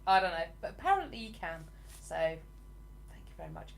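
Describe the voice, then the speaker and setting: A woman's voice: fairly low pitch, big pitch swings, moderate pace, creaky, slight background noise. Chatty southern English woman. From England (Hertfordshire). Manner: chatty and enthusiastic, laughs often. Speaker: livestream host. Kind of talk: casual live chat, reading viewer comments.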